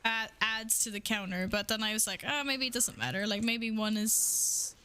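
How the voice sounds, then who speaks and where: A woman's voice: fairly high pitch, moderate pace, sharp tone, clean tone. A young woman streaming a game, chatting casually with her viewers, playful, swearing freely and laughing often. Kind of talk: casual live-stream chat.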